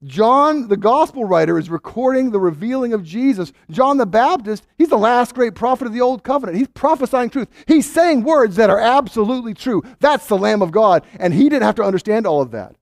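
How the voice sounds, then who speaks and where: A man preaching a sermon in a high, very lively voice that swoops up and down. He acts out doubting voices as he goes, with quick restarts. The sound is dry and close. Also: no echo. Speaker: pastor.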